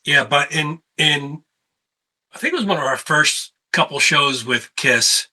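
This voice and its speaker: Man, host, very bright tone, lively storyteller, casual conversation. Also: fairly high pitch, measured pace, rough recording. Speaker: touring musician.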